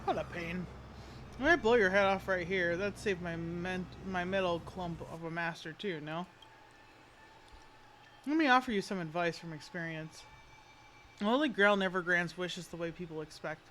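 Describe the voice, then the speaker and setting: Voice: mid-range voice, moderate pace, long pauses, fairly bright tone, a little hiss or hum, close to an everyday voice. A streamer voicing a cynical gunslinging servant. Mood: weary. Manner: dry, weary, threatening. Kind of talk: amateur voice acting over a game.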